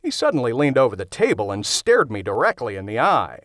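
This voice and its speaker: A man's voice: mid-range voice, huge pitch swings, a little fast, fairly bright tone, no room sound. A man narrating a comic horror audiobook in the first person, wry and sarcastic in a conversational way. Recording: dry close studio sound.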